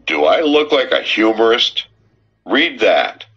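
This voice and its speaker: A man's voice: lowish voice, sing-song, slow, a bit bright, slightly rough, voice pushed up, exaggerated voice. A male narrator voicing a defiant young man who turns himself in, giving curt, unflinching answers. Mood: cool defiant. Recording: dull, muffled recording with faint music.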